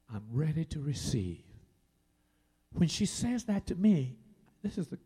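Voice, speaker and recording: A pastor in his fifties, his husky voice sitting high, tells a personal story during a sermon. He is animated, swinging from loud to almost whispering.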